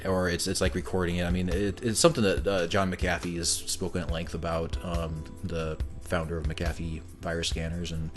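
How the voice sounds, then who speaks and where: Podcast co-host, man, deep-voiced, sarcastic, opinionated casual chat. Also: level tone, faint music behind. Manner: wry, opinionated, quick sarcastic quips.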